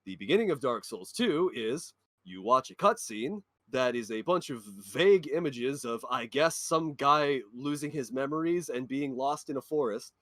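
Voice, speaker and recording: A man's voice: mid-range voice, animated, normal speed, a bit bright, no room sound. A man in a casual podcast chat, passionately ranting about a game. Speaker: podcast co-host or guest.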